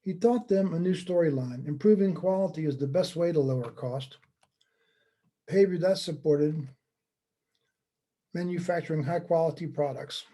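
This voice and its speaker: A man from the United States giving a slide-based presentation lecture, conversational and wry, with deadpan joking asides. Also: on the high side, moderate pace, pauses often. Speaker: speaker giving a talk.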